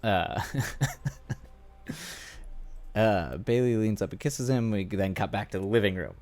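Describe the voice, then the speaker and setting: A man's voice: on the low side, expressive, slow, darkish tone. A man streaming live, thinking aloud and musing with rambling asides while he writes a script. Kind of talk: casual live-stream writing session.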